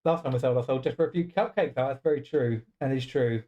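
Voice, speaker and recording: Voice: medium pitch, quick pace, muffled recording. Giggly, chatty game streamer. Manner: giggly, chatty, breaks into laughter often. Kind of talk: casual let's-play commentary.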